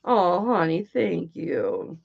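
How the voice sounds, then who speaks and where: A woman's voice: on the low side, very animated, slow, gravelly, slightly rough, lo-fi sound. A woman hosting an online jewelry auction, chatting casually and cracking bawdy jokes while she works. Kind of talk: casual livestream selling chat.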